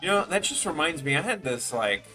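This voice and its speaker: A man talks at his desk mic on a live stream in a bright, forceful voice, over faint music in the background. He rambles offhand, trails off and restarts his sentences. When a story gets to him, he turns animated and incredulous. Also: a little high, a little fast. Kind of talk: casual live-stream chat.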